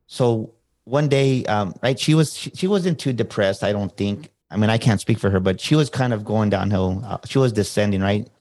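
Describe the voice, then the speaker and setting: Male guest, motivational speaker; lowish voice, casual storytelling, acts out the dialogue. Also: moderate pace. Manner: animated, acts out quoted dialogue.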